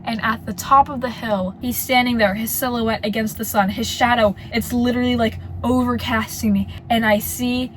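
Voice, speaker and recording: A young adult woman telling a storytime vlog, animated and sarcastic, acting out dialogue. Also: a little high, moderate pace, hardly any pauses, slight background noise, rough recording. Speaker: vlogger.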